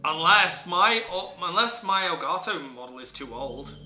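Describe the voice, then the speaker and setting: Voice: medium pitch, animated, a little slow, pushed and bright, a little hiss or hum. A streamer giving joking live commentary on a visual novel and talking to the chat from a home streaming setup. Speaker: game streamer. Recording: roomy with game music behind.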